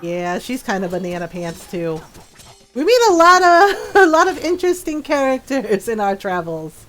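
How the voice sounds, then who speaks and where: A woman's voice: fairly high pitch, very animated, normal speed, fairly bright tone, poor audio. A woman streaming a game, chatting casually, laughing often and acting out quotes from people she talks about. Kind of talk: casual gameplay chat.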